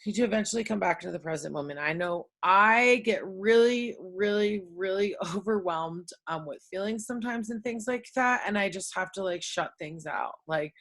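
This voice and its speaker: A chatty woman in her thirties talks loosely to her viewers, her voice sitting in a middle pitch. She rambles with plenty of fillers and keeps checking in with tag questions. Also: moderate pace, few pauses, a bit bright. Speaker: host. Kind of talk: casual talk to camera.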